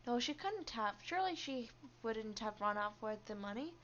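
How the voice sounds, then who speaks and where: A woman streamer reads a story game aloud and reacts expressively as it goes. Her voice is fairly high, and the stream audio sounds a bit dull and lo-fi. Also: expressive, normal speed, fairly bright tone, a little hiss or hum.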